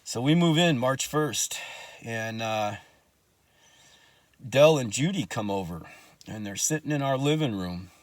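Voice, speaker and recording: A man's voice: medium pitch, animated, unhurried, long pauses, no room sound. A man telling his own life story in casual talk, blunt and profane, with angry asides.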